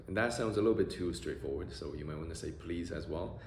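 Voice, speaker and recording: A man teaching beginner Spanish phrases, drilling pronunciation with slow, drawn-out vowel sounds. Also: low-pitched, darkish tone. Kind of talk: beginner language lesson. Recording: echoey room with faint noise.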